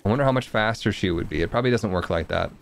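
A man's voice: on the low side, very fast, creaky. A man streaming a colony game, giving casual, joking commentary and muttering to himself as he plays.

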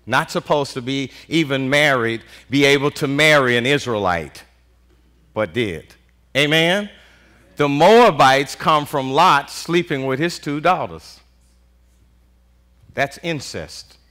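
A man preaching a sermon as pastor, in animated call-and-response style with constant "Amen" and casual vernacular with "y'all". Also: medium pitch, slow pace. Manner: Southern US Black vernacular speech, "y'all".

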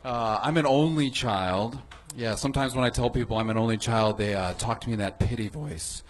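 A man doing a stand-up set, mixing deadpan setups with sudden exaggerated squeaks. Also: fairly quick. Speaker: stand-up comedian. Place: comedy festival stage before a live audience.

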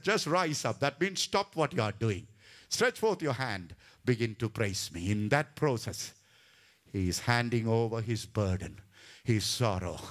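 A man preaching a sermon with fervent passion, rising to shouts and dropping to hushed, low lines, often reciting scripture references. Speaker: pastor.

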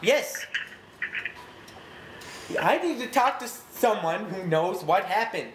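A man making a prank phone call, putting on a mock-angry, sarcastic tone and talking down slowly to the person he is calling. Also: sits high, lively intonation. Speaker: prank caller. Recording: echoey room with loud background noise.

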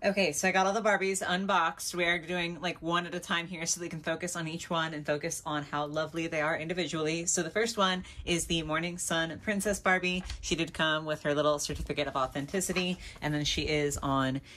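A woman's voice: sits low, a little fast, few pauses. Giggly gushing woman doll collector. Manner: gushing, excitable, giggly, lots of "like". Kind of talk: casual doll haul chat.

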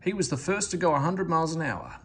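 A man's voice: a little high, expressive, quick pace, a bit bright, slightly rough, pitched above the performer's own voice, exaggerated voice. A man voicing a friendly, cheerful engine driver in a read-aloud storybook. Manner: cheerful, explaining.

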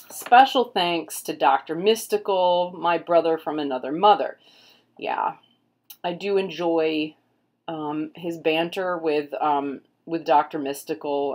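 Chatty woman with a lowish voice. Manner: chatty, rambling with many fillers. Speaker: tarot reader and vlogger. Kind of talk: casual book flip-through. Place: home room with pets.

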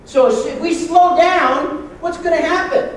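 A man preaching a sermon as pastor, joking and lively with sudden loud bursts. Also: extremely high pitch, measured pace, heavy reverb, far from the mic, a little hiss or hum, rough recording.

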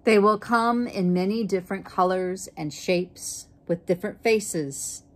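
A woman voicing a wise old female turtle in a storybook reading, speaking slowly and softly. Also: mid-range voice, lightly acted. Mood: solemn.

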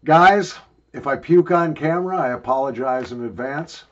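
A man's voice: on the high side, normal speed, lo-fi sound. An older man rambling and joking crudely while he talks around a wad of chewing tobacco in a casual review video.

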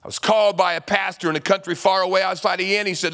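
A man preaching a sermon as pastor, dramatic, dropping to hushed whispers and then rising to loud urging. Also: sits high, fairly even intonation, fast, few pauses.

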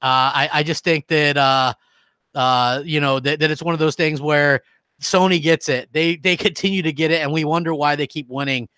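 A man's voice: fairly high pitch, fairly even intonation, moderate pace, pushed and bright, clear, resonant tone, dry recording. A man hosting a gaming stream who rants heatedly and reads out viewer comments. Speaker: gaming channel host. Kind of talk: live-stream rant.

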